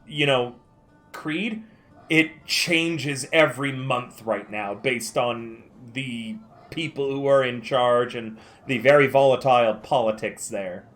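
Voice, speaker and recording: A man acting as game master, explaining the game world in a relaxed way with many ums. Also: medium pitch, takes it slowly, faint music behind. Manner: relaxed, lots of ums and uhs.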